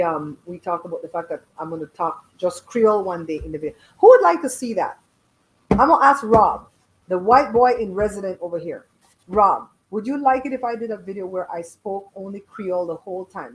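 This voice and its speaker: A woman's voice: lowish voice, fairly quick, rough recording. A middle-aged woman from Belize with a Belizean accent, hosting a casual live stream and talking straight to viewers in the chat. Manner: chatty, blunt, talks to viewers in chat.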